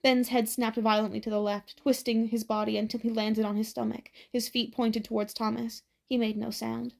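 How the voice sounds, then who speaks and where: A woman narrating an audiobook with a steady, even reading. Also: on the high side, normal speed, gravelly.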